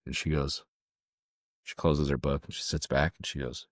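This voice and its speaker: A man with a very deep voice tells a personal story as a podcast guest. He speaks haltingly and often repeats words as he goes. The mic sound is dry and close, with no room echo. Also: flat delivery. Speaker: podcast guest, jiu-jitsu gym owner.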